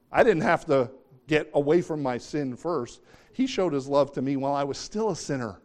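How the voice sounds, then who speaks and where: A man's voice: mid-range voice, darkish tone. Earnest male preacher mid-sermon. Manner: earnest, emphatic, asks the congregation questions. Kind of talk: sermon with scripture reading.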